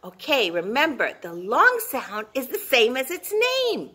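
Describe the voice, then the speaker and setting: A woman's voice: high voice, wildly swooping pitch, measured pace, pushed and bright, breathy edge. A woman teaching a phonics lesson to young children, cheery and encouraging, drawing out each sound.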